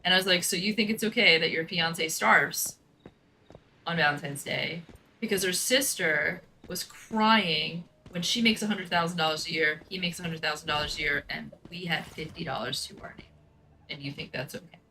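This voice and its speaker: A young woman who streams games tells a personal story in casual chat, blunt and profane and saying "like" constantly. Her voice sits low with a sharp tone at a moderate pace, on a rough recording with slight background noise.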